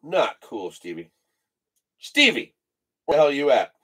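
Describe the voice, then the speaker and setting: A man's voice: medium pitch, big pitch swings, measured pace, fairly bright tone, slightly rough. A man hosting a live card break stream, chatting casually, reading off names and teasing his viewers.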